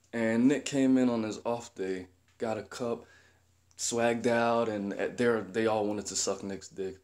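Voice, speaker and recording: A man's voice: mid-range voice, darkish tone. A young man from the Chicago area, talking casually and bluntly to camera, profane and rambling as he tells stories. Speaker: commentator.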